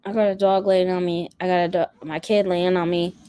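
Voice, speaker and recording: A woman's voice: lowish voice, steady tone, moderate pace, dark tone, smooth, no room sound. A woman hosting a book channel, chatting casually and animatedly with frequent laughter. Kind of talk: casual livestream chat.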